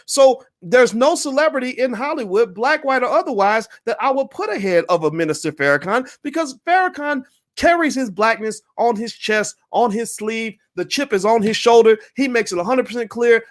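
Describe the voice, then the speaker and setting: A man delivering an emphatic opinion monologue as a commentator, repeating his points forcefully. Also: very high voice, animated, normal speed.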